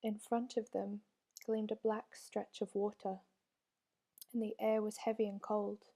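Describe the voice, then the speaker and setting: A woman reading a children's storybook aloud with steady, expressive narration. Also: medium pitch, unhurried. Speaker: reader.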